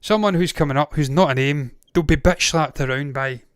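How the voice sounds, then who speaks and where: The pitch here runs high and the pace fairly quick, with a clean tone and clean studio sound free of room noise. He's a Scottish, Glaswegian-accented man fronting a movie news show, delivering casual opinionated rants full of blunt swearing and digressions.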